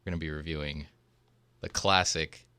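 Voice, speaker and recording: A man's voice: very deep voice, steady tone, normal speed, bright, forceful tone, clear, resonant tone, dry recording. A man hosting a casual movie-review podcast, loose and joking. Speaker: podcast host.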